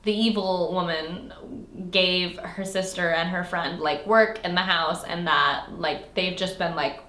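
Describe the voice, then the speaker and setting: A woman's voice: on the low side, steady tone, a little slow, pushed and bright. A young woman casually recapping a fantasy novel she reviews, sarcastic and exasperated, with lots of "like" fillers. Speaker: book reviewer. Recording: echoey room.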